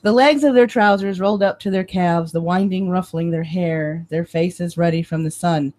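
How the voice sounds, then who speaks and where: A woman hosting a live stream, reading a novel aloud in steady, measured first-person narration. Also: lowish voice. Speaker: reader and stream host.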